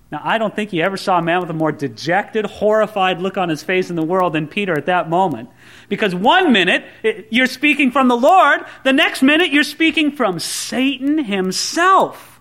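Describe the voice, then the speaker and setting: A man's voice: very high-pitched, brisk. A male pastor preaching a sermon, telling Bible stories and acting out the people in them. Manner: animated storytelling preacher, acts out voices.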